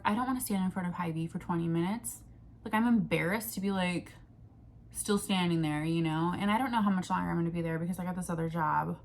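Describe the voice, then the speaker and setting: Rambling, swearing young woman. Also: mid-range voice. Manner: rambling, swears freely, restarts and jumps between thoughts. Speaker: vlogger. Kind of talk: casual venting vlog. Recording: faint background noise.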